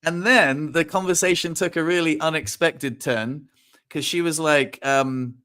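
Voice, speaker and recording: Man, fairly high voice, casual video-call chat, halting speech, restarts and fillers. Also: pushed and bright. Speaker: podcast co-host.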